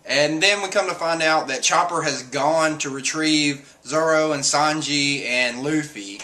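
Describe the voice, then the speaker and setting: A man casually recapping a comic chapter, animated, often laughing and acting out lines in squeaky voices. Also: unhurried, a little hiss or hum. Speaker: manga chapter reviewer.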